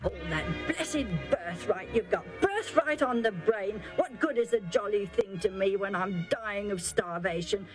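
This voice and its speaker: A woman voicing a rough, hungry young hunter who talks loudly and demands food. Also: on the high side, expressive, a little slow, few pauses, over music, pitched above the performer's own voice. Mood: scornful. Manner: loud, blustering, demanding.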